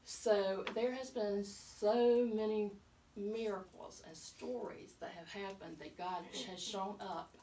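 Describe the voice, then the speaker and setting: A woman's voice: mid-range voice, steady tone, slow pace, mellow, slight background noise. A middle-aged woman, a guest telling her personal story in a casual chat, earnest and emotional, with many fillers. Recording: roomy, from a distance, faint ambience.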